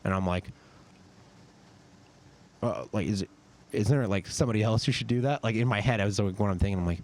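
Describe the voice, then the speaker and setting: A young man, a podcast guest and army sergeant, telling stories in a relaxed, casual way, full of "dude" and "like.". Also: fairly low pitch, brisk. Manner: laid-back, says "dude" and "like" a lot. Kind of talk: casual storytelling chat.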